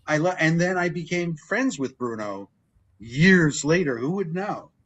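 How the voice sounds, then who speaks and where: An older man, a longtime ring announcer, telling stories in a relaxed interview and acting out what people said. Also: unhurried, dull audio. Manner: animated storyteller, acts out quotes with big pitch jumps. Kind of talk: storytelling interview chat.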